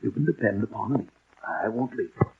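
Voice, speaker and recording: A soothing, secretive old uncle. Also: male voice, fairly low pitch, expressive, creaky, breathy edge, heavily acted. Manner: soothing, measured, paternal. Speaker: Uncle Peter in a radio drama. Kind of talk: 1940s radio acting. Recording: lo-fi old radio broadcast.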